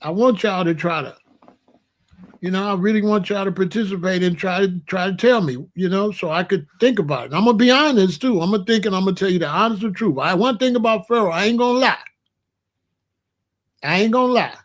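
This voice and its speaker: A middle-aged man, hosting a casual livestream, blunt and animated as he asks his chat for examples. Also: high voice, brisk. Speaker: livestream host.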